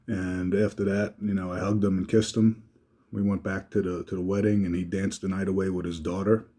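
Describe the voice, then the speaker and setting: Low, warm-voiced man telling a story. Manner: halting, heartfelt, many fillers and restarts. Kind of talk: personal storytelling speech.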